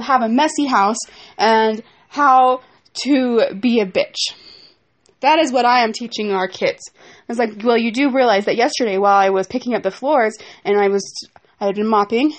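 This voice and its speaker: A young woman venting in a rambling personal vlog about a fight at home, speaking with frustration. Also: high voice. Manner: frustrated rambling storytelling with asides to her kids. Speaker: vlogger.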